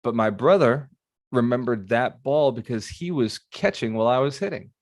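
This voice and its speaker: A man giving a motivational talk as a real estate mentor, animated and often asking his audience questions. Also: medium pitch, moderate pace, dry recording, clean studio sound.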